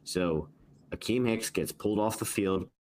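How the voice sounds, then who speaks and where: Man, podcast host, very low voice, asks the questions, faint room hum. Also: unhurried, a little mellow. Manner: steers the talk with questions, hesitant fillers. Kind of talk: casual sports podcast chat.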